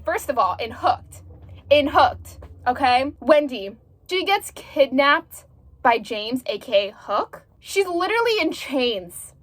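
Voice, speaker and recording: A woman's voice: high-pitched, no room sound. A young woman in her twenties chatting animatedly about books in a casual review vlog, full of "like" fillers. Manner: chatty, animated, uses like a lot. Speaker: book reviewer.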